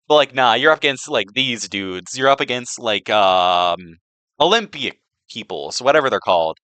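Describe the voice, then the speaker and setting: A man's voice: medium pitch, lively intonation, normal speed, pushed and bright, no echo. A young man giving a rambling, sarcastic slideshow presentation, packed with "like" and restarts. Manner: filler-heavy, sarcastic, restarts a lot.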